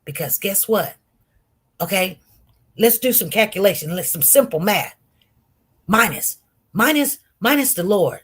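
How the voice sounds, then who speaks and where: A woman telling viewers a personal testimony with great intensity, swinging from loud outbursts to hushed murmurs and often repeating herself. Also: mid-range voice, expressive, a little slow, pauses often, husky. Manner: repetitive, restarts. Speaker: online show host.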